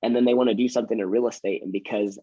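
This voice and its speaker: Husky-voiced man talking shop casually. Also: on the low side, steady tone, racing, dark tone, no echo, lo-fi sound. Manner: chatty, self-mocking, acts out door-knock scripts. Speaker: real estate agent and trainer. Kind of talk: casual teaching talk.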